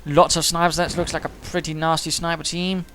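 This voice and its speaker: A man giving quick, chatty play-by-play commentary on a strategy game, with dry humour and British turns of phrase. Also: a little high, little pitch movement, a bit bright, a little hiss or hum.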